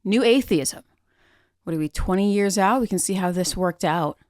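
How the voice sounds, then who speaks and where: A woman co-hosting a casual podcast conversation, playful and quick to laugh as she steers the topic. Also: medium pitch, animated, a little mellow, no room sound, clean studio sound. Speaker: podcast co-host.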